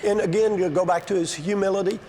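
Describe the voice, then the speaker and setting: A man's voice: sits high, fairly even intonation, fast, warm tone, slight background noise. A male studio guest sharing a reflective personal recollection, repeating words at times.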